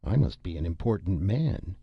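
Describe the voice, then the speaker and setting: Older scientist in an audiobook, low gravelly voice from a male narrator, dull lo-fi sound. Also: big pitch swings, normal speed, no echo, exaggerated voice. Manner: mild, academic, politely insistent. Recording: dull lo-fi recording.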